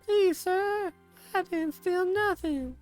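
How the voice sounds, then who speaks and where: A man voicing a desperate young female refugee in a high, strained falsetto with a put-on Southern accent. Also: slow, faint music behind. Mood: pleading.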